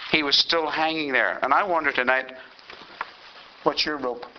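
Male pastor, storytelling sermon, emphatic builds; very bright tone, dull recording. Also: fairly high pitch, normal speed, a little hiss or hum.

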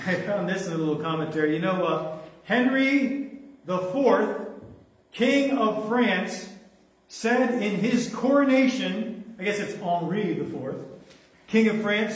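A man preaching to his congregation with a high voice, talking in a lively, conversational way and joking along the way. He sounds picked up from across a big echoing hall, some distance from the mic. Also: measured pace. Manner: animated, conversational, jokes with the congregation. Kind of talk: sermon. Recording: echoey hall, mic from far off.

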